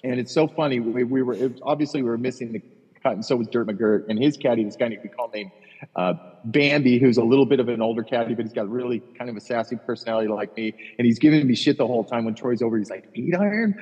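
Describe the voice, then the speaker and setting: Husky-voiced male podcast co-host, lively crude golf anecdotes, long reverb, dull lo-fi sound. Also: medium pitch, quick pace. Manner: animated storyteller, profane. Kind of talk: casual golf chat. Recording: dull, roomy with long echo.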